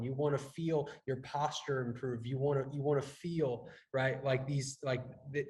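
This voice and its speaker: Heard on a low-quality recording, a man's medium-pitched voice belongs to a fitness and health coach chatting casually on a business podcast. He rambles, restarts repeatedly, and keeps adding "right?" to his points.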